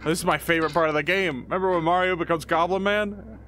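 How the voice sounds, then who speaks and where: A man's voice: sits high, fast talker, pushed and bright, soft background music. A young man giving goofy, jumpy commentary while playing a horror game, muttering to himself and then yelping. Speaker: gaming YouTuber.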